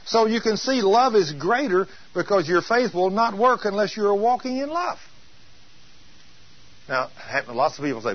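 Give me a husky man preaching an emphatic sermon, reading scripture slowly. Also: high voice, animated, highs cut off.

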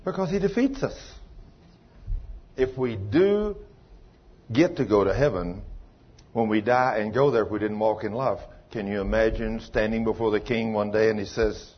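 Husky, impassioned man preaching a sermon. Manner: impassioned, swings between loud pleading and low quiet; folksy, plain-spoken. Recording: dull lo-fi recording.

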